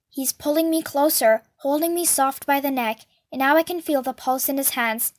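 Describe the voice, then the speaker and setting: Woman reading a book out loud, high voice, steady and earnest. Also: normal speed, hardly any pauses. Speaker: book reader. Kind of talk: read-aloud storytelling.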